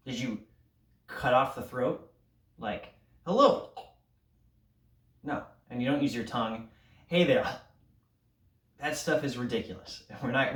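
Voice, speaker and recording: A man teaching an elementary band lesson, leading breathing drills and counting aloud in an upbeat coaching way. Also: mid-range voice. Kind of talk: recorded online music lesson. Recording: roomy sound from a distance.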